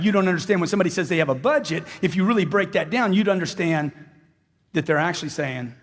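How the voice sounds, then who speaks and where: A motivational speaker fires questions at his audience and repeats lines for effect in an emphatic live stage speech. His voice is a little high and animated, moving at a quick pace, and the sound carries a long hall reverb.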